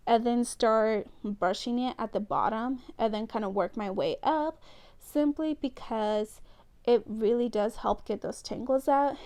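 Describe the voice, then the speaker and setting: In a slightly high voice with a darkish tone, a young woman giggles and chats her way through a hair tutorial for her beauty vlog, ribbing herself each time she slips.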